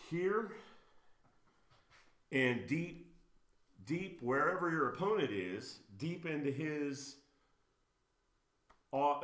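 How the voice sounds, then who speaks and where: A man's voice: a little high, a bit bright. A man giving blunt, emphatic coaching commentary on table tennis videos, getting worked up as he corrects a player. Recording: roomy echo.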